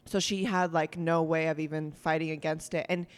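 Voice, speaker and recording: A woman's voice: low voice, steady tone, normal speed, smooth, long reverb tail. A young woman talking in casual chat, heated and blunt, swearing a lot.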